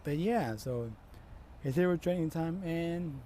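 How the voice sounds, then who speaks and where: A man's voice: on the high side, a little slow, warm tone, slight background noise. A young man casually improvising a fan story, rambling, slangy, and correcting himself as he goes.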